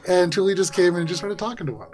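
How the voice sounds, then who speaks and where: A man's voice: sits high, very fast, over music. A man running a live tabletop game as dungeon master, narrating in a loose, laughing style full of fillers. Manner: lively, laughing, many fillers like "like".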